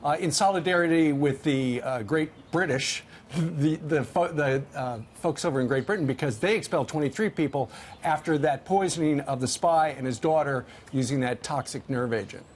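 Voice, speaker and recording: A man's voice: on the high side, normal speed, slight background noise. A man co-hosting a live TV news interview, rambling and stumbling over his words as he sets up a question. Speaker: TV news co-host.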